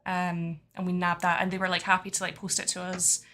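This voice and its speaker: A woman's voice: on the low side, completely flat delivery, fairly quick, bright, forceful tone, a little hiss or hum. A Scottish woman hosting a casual livestream chat, rambling along with lots of fillers. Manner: chatty, rambling with many fillers, laughs often. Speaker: host.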